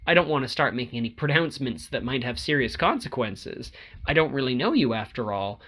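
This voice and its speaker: A man's voice: mid-range voice, big pitch swings, brisk, fairly bright tone. A man reading an audiobook who voices a curious, teasing young woman lodger in a lifted voice. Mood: lively. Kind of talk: audiobook character voice.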